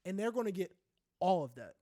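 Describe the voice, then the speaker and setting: A young adult man co-hosting a podcast in casual chat, speaking candidly and swearing freely, often ending lines with "right?" and rising into loud animated rants. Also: sits high, fairly quick, no echo, clean studio sound. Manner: rises into loud animated ranting. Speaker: podcast co-host.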